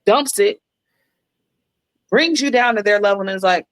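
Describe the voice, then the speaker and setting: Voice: medium pitch, normal speed, fairly bright tone. A podcast co-host in casual chat, joking and playing out little scenes.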